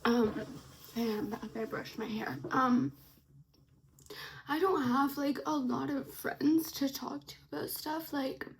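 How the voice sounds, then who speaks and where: A woman's voice: high voice, slow pace. A young woman vlogger, tearful and sniffly, telling a shaken, rambling story with lots of fillers. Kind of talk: emotional storytime vlog.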